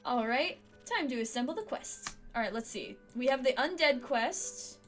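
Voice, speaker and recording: A woman streaming a cozy fantasy game, chatty and excitable, thinking aloud as she plays. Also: high-pitched, moderate pace, faint music behind. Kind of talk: let's play commentary.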